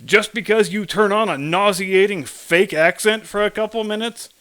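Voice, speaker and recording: A man's voice: sits high, moderate pace, a bit bright. A man hosting a scripted commentary monologue in a sarcastic, mocking manner. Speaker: commentary channel host.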